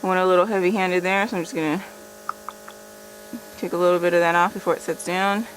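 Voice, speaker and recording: Woman host of a makeup channel, low-pitched, relaxed chatty delivery, quick to laugh. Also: a little hiss or hum. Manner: chatty, laughs often, filler words like "like" and "kinda". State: a bit out of breath. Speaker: makeup vlogger. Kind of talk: casual talk-through tutorial.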